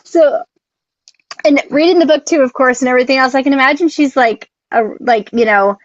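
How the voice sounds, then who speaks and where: A woman's voice: high voice, brisk, dry recording. A woman co-hosting a casual live stream, rambling, laughing often and tripping over her words. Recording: dull, dry lo-fi sound.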